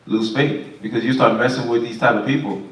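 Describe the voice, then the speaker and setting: A man's voice: mid-range voice, steady tone, fairly quick. A man leading a Sabbath Bible study, talking casually and quizzing the group. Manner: casual, questioning the group, informal speech. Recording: echoey room, far from mic.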